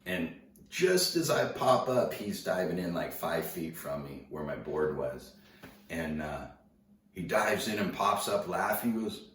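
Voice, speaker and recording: A man casually telling a story to an audience, laid-back and slangy, animated as he recounts it. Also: low-pitched, measured pace. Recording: roomy, distant mic, faint noise.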